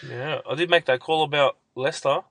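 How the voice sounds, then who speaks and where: Bright-voiced Australian podcast co-host. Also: male voice, on the high side, creaky, dry recording. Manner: quick jokey interjections. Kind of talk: casual sports chat.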